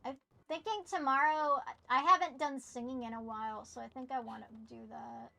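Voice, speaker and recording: A woman's voice: high voice, steady tone, normal speed, creaky, sharp tone. A woman streaming a video game, chatting casually with herself and her chat in a playful, teasing way. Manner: playful, talks to herself and reads chat aloud.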